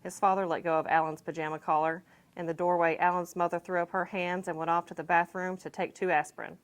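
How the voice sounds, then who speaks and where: A woman reads a children's chapter book aloud for young listeners. Her storytelling is lively and her voice sits slightly low. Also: fast, smooth. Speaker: mayor reading to schoolchildren.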